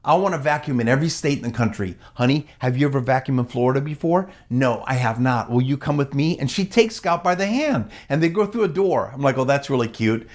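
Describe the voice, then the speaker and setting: Man doing a storytelling speech, animated, acts out the dialogue. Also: medium pitch, fairly quick, few pauses. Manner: animated, acting out quoted dialogue. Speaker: gala speaker.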